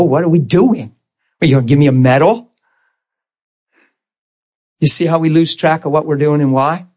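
A man preaching a sermon, telling a personal story with lively, acted-out dialogue and easy self-deprecating humor. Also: medium pitch. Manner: animated storytelling, acting out dialogue and laughing at himself.

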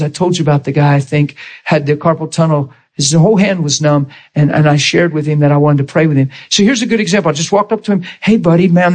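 Husky-voiced man preaching a story. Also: a little high. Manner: storytelling, quoting both sides of conversations. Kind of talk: sermon with acted-out stories.

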